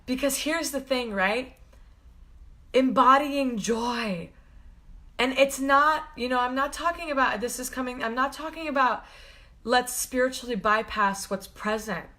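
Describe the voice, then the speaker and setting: Bright, gushing woman on a spiritual livestream. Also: high-pitched, measured pace. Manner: gushing, earnest, greets viewers by name. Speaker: spiritual coach hosting a live stream. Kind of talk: live-streamed spiritual talk.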